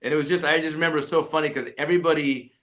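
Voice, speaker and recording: A man who is a company CEO and coach, telling an animated story in a podcast interview, full of restarts and "right?" tags. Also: a little high, racing.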